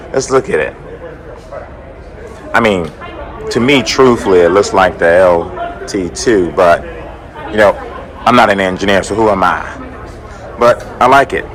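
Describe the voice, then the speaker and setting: A man from the American South, hoarse, hosting a car vlog in an upbeat, chatty way that speaks straight to his viewers. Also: sits low, a little slow, pauses often. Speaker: car channel host. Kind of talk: casual vlog talk to camera. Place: conference room at a car event.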